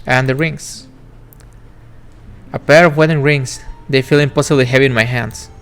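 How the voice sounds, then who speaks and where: A man reading a story game aloud on stream, his voice mid-pitched and steady. He lingers over the lines in a reflective, wistful way, with soft music faintly underneath. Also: normal speed, smooth. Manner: reflective, wistful reading of first-person narration.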